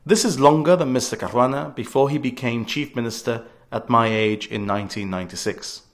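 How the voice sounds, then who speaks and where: A man's voice: mid-range voice, a little fast. A man of about forty, giving a scripted political radio address in an earnest, emphatic way, leaning hard on key words. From Gibraltar.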